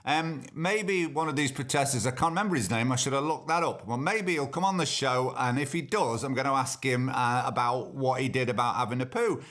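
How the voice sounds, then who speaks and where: A man's voice: mid-range voice, fairly quick, few pauses, a bit bright. A man hosting his podcast in casual solo chat. He sounds sardonic and sweary, with plenty of ums. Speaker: podcast host.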